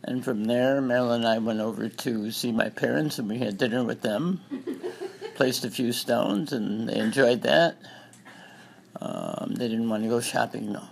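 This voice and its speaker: Man, gravelly voice, wry casual chat, noisy recording. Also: medium pitch, steady tone, moderate pace. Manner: wry, laughing asides. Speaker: group member sharing news.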